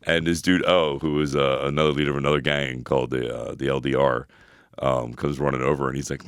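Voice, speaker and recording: A man co-hosting a podcast, telling rambling, animated stories full of filler words. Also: extremely low pitch, fast, no room sound, studio quality. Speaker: podcast co-host. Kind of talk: casual storytelling chat.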